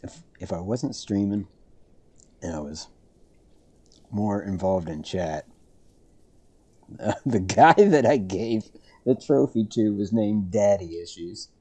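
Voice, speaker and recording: A man's voice: on the low side, expressive, slow pace, pauses often, warm tone, husky. A man streaming a game, telling a rambling story with dry humor and frequent self-corrections. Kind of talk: casual storytelling while streaming.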